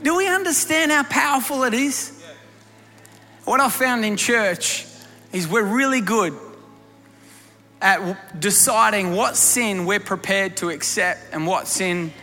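A man preaching a story-driven sermon in a large church hall, emphatic, shifting between quiet and loud. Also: sits high, measured pace, pauses often. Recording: long hall reverb with faint music.

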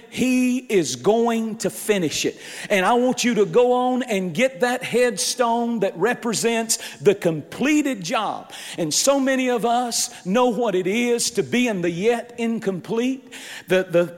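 A male pastor preaching a sermon, emphatic and repetitive, building up to shouts. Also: very high voice, in a large hall.

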